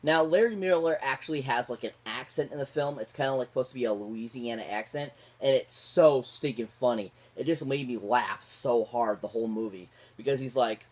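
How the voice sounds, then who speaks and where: A man at a middle pitch talks through a film review in a casual vlog style. He gushes over every performer, reuses the same few favourite words of praise, and rambles along with fillers and restarts. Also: a little fast, hardly any pauses. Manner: gushing, repeats favourite words. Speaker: movie reviewer.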